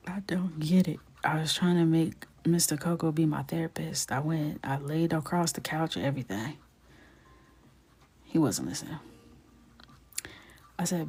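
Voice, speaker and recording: Lady w/ chatting on her coloring stream, low gravelly voice, drops into whispers a lot, little hiss behind. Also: unhurried. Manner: chatty, greets viewers by name, drifts into soft whispers. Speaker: illustrator live-streaming while coloring. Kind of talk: casual live-stream chat.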